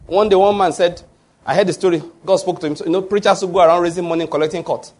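A man's voice: sits high, steady tone, rapid-fire. A man preaching a sermon, emphatic and often restarting his words while asking the congregation to fill in the answers. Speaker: pastor.

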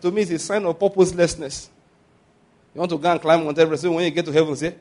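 A middle-aged male pastor preaching in a fairly high voice. He calls out for the congregation to repeat key words back and breaks into humorous asides. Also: fairly even intonation, fast, a little mellow. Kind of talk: sermon.

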